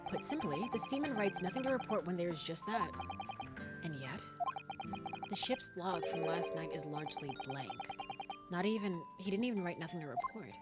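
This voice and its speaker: A woman reading out the lines of a pompous, eccentric male detective in a lower, quieter voice, grand and wordy. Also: lively intonation, moderate pace, over loud music, close to an everyday voice. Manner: grandiose, wordy, self-assured.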